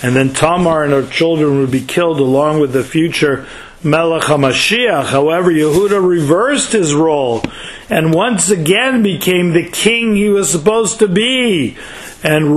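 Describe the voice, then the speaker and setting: A man giving a slow, measured Torah lecture that rises in emphasis. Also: a little high, low-quality recording. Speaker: Torah teacher.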